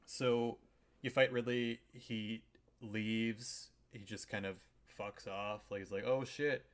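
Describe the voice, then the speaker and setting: A man's voice: lowish voice, level tone, slow pace. A man hosting a podcast, talking casually and loosely. He rambles irreverently, swears freely, and fills his sentences with "uh" and "like". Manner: rambling and irreverent, with frequent swearing and filler words. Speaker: podcast host. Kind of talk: casual chat recapping a video game.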